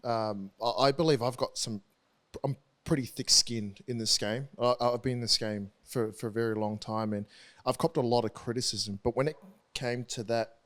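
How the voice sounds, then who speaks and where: A man in his thirties speaks as a podcast guest at a middle pitch. He tells his story earnestly, stopping and restarting his sentences often as he works through it. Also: fairly even intonation, fairly bright tone. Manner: earnest, halting with frequent restarts. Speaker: interview guest, rugby league player. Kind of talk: candid podcast conversation.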